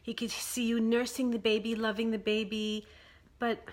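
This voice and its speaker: Offering relationship advice, this Brooklyn, New York woman speaks emphatically and keeps repeating key phrases, though her delivery is flat. Her voice is a little high and her speed normal.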